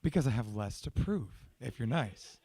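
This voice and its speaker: A young man hosting a podcast, talking in a casual, profane, animated and self-mocking monologue. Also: medium pitch, normal speed. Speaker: podcast host.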